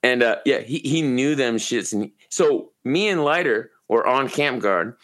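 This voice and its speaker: A man from Maine co-hosting a podcast, telling long rambling, profane stories in a relaxed, casual way. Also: mid-range voice, unhurried. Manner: profane, rambling, laid-back storyteller. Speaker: podcast co-host. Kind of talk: casual storytelling chat.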